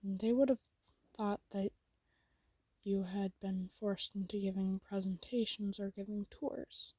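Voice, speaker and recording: Whispered role-play narrator, woman, soft and intimate, dark and mellow tone, dry sound. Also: medium pitch, steady tone, takes it slowly, slightly rough, no room sound. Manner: soft and intimate, second-person storytelling.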